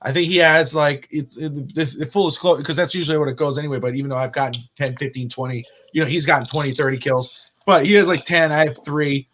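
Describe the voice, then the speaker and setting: A man with a somewhat high voice talks sports on a podcast in a relaxed, chatty register. He tells stories with energy and swears a lot, jumping from one idea to the next. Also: quick pace, a little hiss or hum. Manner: animated, profane storyteller. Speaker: podcast co-host. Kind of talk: casual sports chat.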